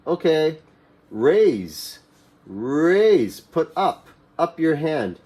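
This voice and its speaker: A man teaching a classroom English lesson to young learners, repeating simple commands slowly for them to echo. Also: a little high, big pitch swings, darkish tone. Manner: slow, repeats phrases for students to echo; mimics classroom commands in a raised voice.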